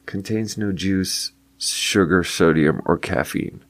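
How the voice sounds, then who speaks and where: Creaky-voiced man, wry late-night monologue. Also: sits low, slow, no room sound. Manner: wry, self-mocking, swears freely. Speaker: solo podcast host.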